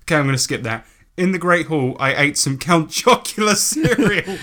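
A man's voice: a little high, sing-song, moderate pace, pushed and bright. A male podcast co-host giving a comic reading aloud, with mock emphasis and wry asides. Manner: reads with mock emphasis, breaks off into laughter and asides.

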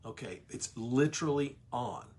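A middle-aged man leading a livestreamed Bible study, emphatic, slowing down on key words and greeting viewers as they join. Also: medium pitch, expressive, darkish tone.

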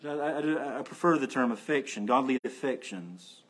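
A man's voice: mid-range voice, animated, normal speed, fairly bright tone, husky. A man, a pastor, preaching a sermon with emphatic repetition and conversational asides to the congregation.

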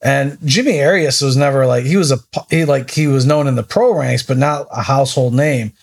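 Gravelly-voiced man in casual chat. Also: medium pitch, a little fast. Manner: rambling storyteller, many restarts.

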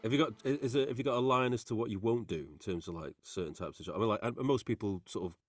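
A man with a soft Manchester accent hosting a casual podcast, talking in a loose, rambling way. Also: lowish voice, quick pace, dry recording, faint music behind. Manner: relaxed, rambling with restarts. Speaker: podcast host.

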